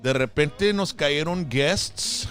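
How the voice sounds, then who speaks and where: A man's voice: fairly high pitch, lively intonation, takes it slowly, a bit bright, faint music behind. A middle-aged man, co-hosting a casual chat, joking and switching between English and Spanish. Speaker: co-host.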